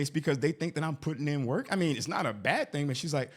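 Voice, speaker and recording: A man's voice: a little high, lively intonation, quick pace. A man in his forties telling a rambling personal story, often tagging lines with "right?". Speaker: vlogger. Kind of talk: casual storytelling.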